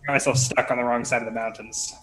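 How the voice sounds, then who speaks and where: A man's voice: mid-range voice, level tone, fast, fairly bright tone, soft background music, low-quality recording. A man playing a tabletop game, joking around and laughing often. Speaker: player.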